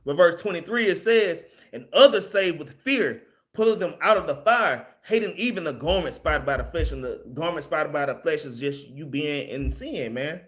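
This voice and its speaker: A man's voice: fairly high pitch, animated, moderate pace, fairly bright tone. A man teaching a casual Bible study, plain-spoken and loose, often ending his phrases with "man" and letting slip some mild swearing.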